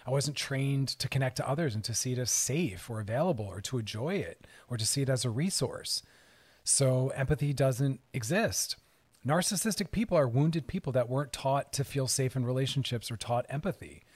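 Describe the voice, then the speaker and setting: A man with a mid-range voice speaks to an audience in an earnest, motivational way. His delivery is emphatic and direct, with the steady push of a therapist coaching people toward calmer habits. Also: medium pitch.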